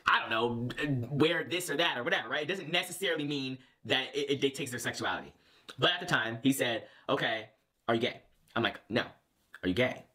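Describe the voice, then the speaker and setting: A man's voice: fairly low pitch, sharp tone. A young man vlogging, casually telling a personal story with lots of fillers and restarts.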